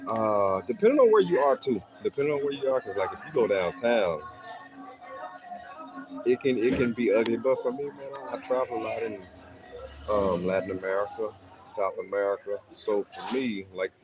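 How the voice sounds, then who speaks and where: A deep, low-pitched middle-aged man chats loosely with his livestream viewers, drifting from thought to thought. His delivery is relaxed and easygoing. Loud music plays steadily in the background. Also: low-quality recording. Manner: laid-back, rambling, peppered with "man". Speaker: livestream host. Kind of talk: casual livestream chat. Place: at home in a hot city neighborhood.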